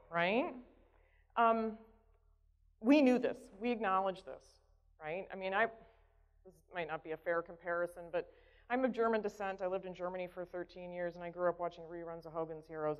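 Woman telling a work story on stage, low-ish voice, keeps going "right?", muffled sound, long hall echo. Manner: conversational, keeps asking "right?". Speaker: conference speaker. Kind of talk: storytelling conference talk. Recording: dull sound in a reverberant hall.

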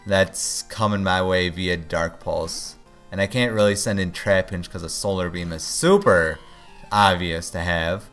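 Excitable man narrating his gameplay. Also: fairly low pitch. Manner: excitable, groans and pleads at the game. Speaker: let's play host. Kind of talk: casual gameplay commentary.

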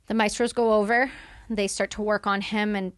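As a podcast guest, a young woman with a mid-range voice tells a candid story in animated, fast bursts, swearing freely.

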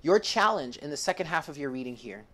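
A woman with a low voice reads tarot cards for her viewers. She sounds close to tears and speaks emotionally, calling the listener honey and swearing freely. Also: expressive, fast talker, a bit bright. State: tearful. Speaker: tarot reader.

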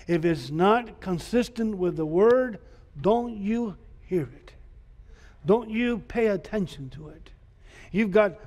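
A male pastor with a high-pitched voice preaching a sermon to his congregation. He repeats questions for emphasis. He swings between loud exclamations and quiet, hushed asides.

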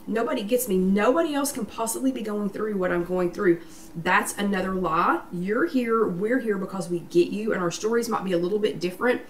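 A woman's voice: mid-range voice, a bit bright. A woman hosting a live online weight loss workshop, chatty and encouraging, greeting viewers by name. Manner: chatty, encouraging, reads viewer names and comments aloud. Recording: echoey room, voice somewhat far from mic, faint background noise.

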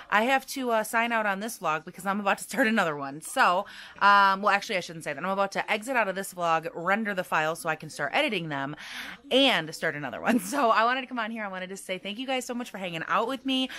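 A woman's voice: mid-range voice, sharp tone. A young woman vlogging from her car, talking casually and playfully, cooing in baby talk to her dog, recorded on a phone mounted on the dashboard. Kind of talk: casual vlog chat. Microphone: phone on a dashboard tripod. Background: car and road noise.

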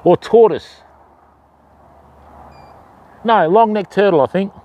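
A man's voice: high-pitched, slow pace, narrow, tinny audio. An Australian man hosting a casual fishing livestream outdoors by a river, chatting with viewers and greeting them by name. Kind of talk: casual live-stream chat.

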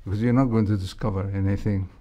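An older man, a heart surgeon with an Egyptian accent, recalling his training in a reflective interview, speaking in a measured way with frequent hesitations. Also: lowish voice, fairly even intonation, mellow. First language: Arabic.

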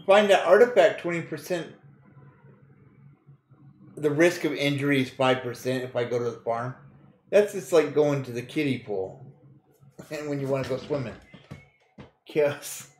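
Slow-talking man streaming a game. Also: mid-range voice, echoey room, a little hiss or hum. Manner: crude joking, reads game text aloud, laughs often. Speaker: gaming streamer. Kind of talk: casual let's-play commentary.

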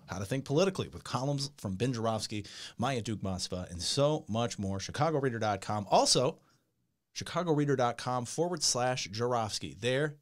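A man co-hosting a podcast, reading promos and introducing the show in a playful, upbeat way. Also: mid-range voice. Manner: playful, upbeat announcer delivery. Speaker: podcast co-host and producer.

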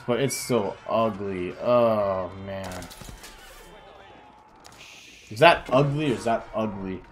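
A man's voice: on the low side, slow, long pauses, faint music behind. A tired young man commenting on a replay of his own game, self-critical and groaning at his mistakes. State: tired, yawning. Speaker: gaming video creator.

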